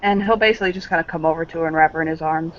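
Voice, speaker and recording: A young woman narrating her part in a tabletop game in a halting way, with lots of fillers and frequent laughs. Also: low-pitched. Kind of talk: casual role-play narration. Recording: dull lo-fi recording.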